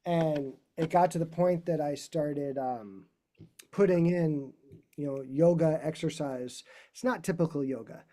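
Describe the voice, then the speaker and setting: Brief: middle-aged male guitarist, casual talk, mellow tone, meandering asides. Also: on the high side, unhurried. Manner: rambling, warm asides and self-corrections. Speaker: guest speaker, classical guitarist.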